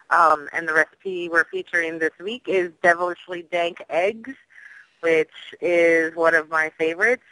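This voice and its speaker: Bright-voiced woman explaining a recipe. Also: on the low side, dry recording, poor audio. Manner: steady, matter-of-fact, with occasional fillers. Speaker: recipe blogger guest.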